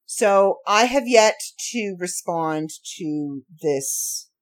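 A woman hosting her own podcast from home late at night, ranting in a sarcastic way with slow, drawn-out emphasis. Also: on the low side, lively intonation. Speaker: podcast host. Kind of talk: ranty solo podcast monologue.

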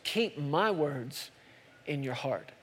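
A man's voice: on the high side, expressive, takes it slowly, fairly bright tone, big-room sound. A man preaching a sermon as pastor, building intensity with repeated calls for attention.

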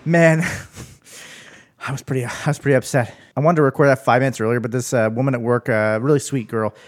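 A man co-hosting a casual sports podcast, telling stories in an animated way. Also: medium pitch, fairly quick, faint music behind. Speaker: podcast co-host.

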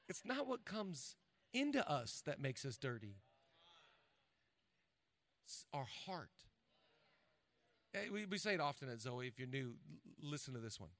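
A man in his forties preaching a sermon to his congregation, swinging between loud bursts and hushed asides. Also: sits high, very animated, normal speed, pauses often. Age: 40s. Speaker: pastor.

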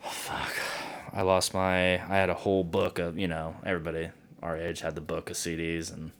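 A man's voice: deep voice, completely flat delivery, normal speed. A man in his thirties, a podcast guest, telling laid-back stories in casual chat and swearing freely.

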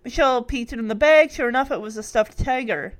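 A woman's voice: on the high side, brisk. A woman reading a children's book aloud, adding chatty, playful comments. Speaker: reader.

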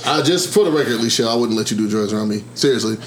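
A mid-pitched man talks quickly, ribbing his friends in relaxed slang. A steady background noise sits clearly under his voice. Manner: teasing, joking, slangy. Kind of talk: casual chat.

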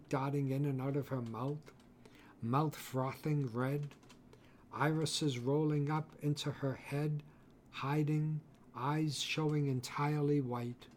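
Slow, deliberate male audiobook narrator. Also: mid-range voice, darkish tone, a little hiss or hum. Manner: measured, deliberate delivery.

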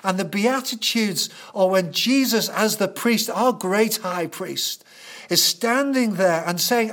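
Brief: male preacher, high-pitched for a man, earnest storytelling sermon. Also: slow pace, fairly bright tone.

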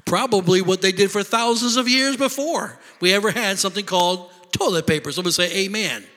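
Preacher guy, high bright voice, loud animated storytelling, big hall echo. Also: brisk. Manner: animated storytelling, shouting for emphasis. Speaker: pastor. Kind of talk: sermon.

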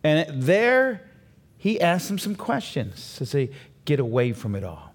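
Animated man preaching a sermon. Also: on the high side, a little slow, slightly rough. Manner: animated preaching, building to emphatic peaks. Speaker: pastor. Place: church.

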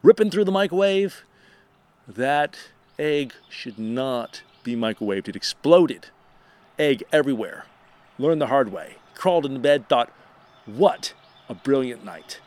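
A man hosting a casual radio show, telling a funny personal story in a lively, self-deprecating way. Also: measured pace. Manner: animated, self-deprecating, rises in pitch when excited.

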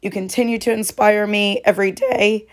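A woman hosting her own podcast, talking alone in a heartfelt, reflective way, her voice hoarse and cracking. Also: medium pitch, steady tone, normal speed. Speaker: podcast host. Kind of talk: solo podcast monologue.

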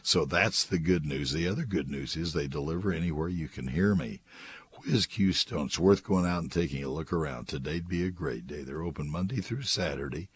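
A man's voice: a little fast, breathy edge, no echo. An older man hosting a radio gardening call-in show, folksy and chatty, reading live ads and taking callers. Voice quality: squeaky voice, as he says. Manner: folksy, chatty, leans on repetition. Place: radio studio.

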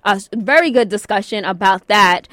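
Chatty lady radio co-host, mid-pitched, dry close studio mic. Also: normal speed, fairly bright tone, no room sound. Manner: chatty, laughs easily. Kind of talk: casual radio chat.

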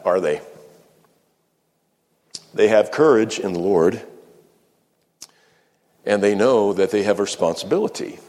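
A male pastor giving a sermon, speaking in measured phrases with slow, emphatic pauses. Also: lowish voice, darkish tone. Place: church sanctuary. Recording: long reverb of a church hall.

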